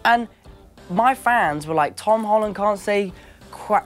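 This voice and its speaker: A man's voice: sits high, moderate pace, faint music behind. A young man from London with an English accent, telling stories as an actor guest in a casual interview and acting out other people's voices. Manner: animated storyteller who acts out other voices.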